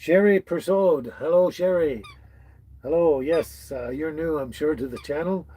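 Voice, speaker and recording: He hosts an easygoing livestream from a tiny house with dogs nearby, folksily saying hello to viewers by name; he's from British Columbia, Canada. His voice is a little high, mellow and husky, a touch slow, and the recording is rough.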